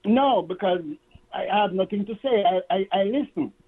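Stammering male caller on a tinny phone line. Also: high voice. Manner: halting, stammering with many repeated words. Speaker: radio show caller. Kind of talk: call-in radio talk.

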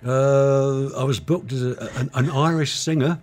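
A man's voice: medium pitch, steady tone, unhurried, a little mellow. An older man from England, a musician guest, telling rambling stories in a casual radio studio interview. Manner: rambling, self-correcting storyteller.

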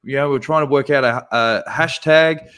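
A man's voice: mid-range voice, moderate pace, clear, resonant tone. A man co-hosting a casual podcast. He tells stories with lots of energy and acts out the quotes in them. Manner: animated storyteller who acts out quotes. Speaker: podcast co-host. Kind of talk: casual banter.

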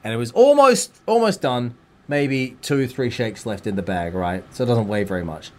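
An Australian man co-hosting a casual chat show, telling stories with lively outbursts. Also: mid-range voice, moderate pace. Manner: animated storyteller, swings into loud outbursts. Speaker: co-host.

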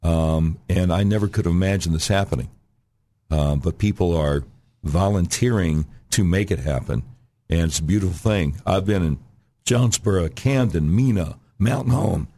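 Emphatic low-voiced man making his pitch. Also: moderate pace, warm tone. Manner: clears throat often. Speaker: gubernatorial candidate guest. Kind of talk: radio talk show interview.

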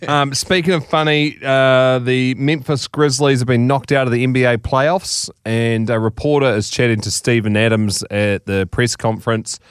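A man hosting a radio show, chatting casually and relaxed, with frequent ums. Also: medium pitch, moderate pace, few pauses, clean tone, dry recording, studio quality. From New Zealand. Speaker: radio host.

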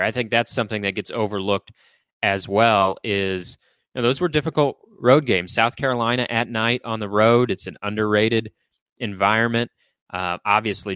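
Man, podcast host, lowish voice, smooth, casual chat, dry close sound. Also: a bit bright, dry recording. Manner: conversational, many fillers and restarts, poses questions to co-hosts. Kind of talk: casual sports podcast discussion.

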